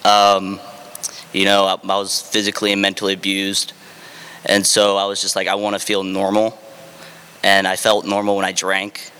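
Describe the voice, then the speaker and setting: Frank former Marine, bright, reverberant. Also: male voice, sits low, monotone, normal speed, clean tone. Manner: frank and self-deprecating, with fillers and dry humor. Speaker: former Marine sharing his drinking story. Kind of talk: candid personal storytelling.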